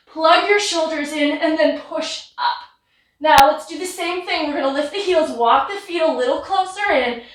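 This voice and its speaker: A woman leading a guided yoga class from home, giving relaxed, encouraging cues while slightly out of breath. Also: high voice. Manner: relaxed, encouraging cues with light self-deprecation. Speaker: yoga instructor. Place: home practice room. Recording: roomy sound from a distant mic.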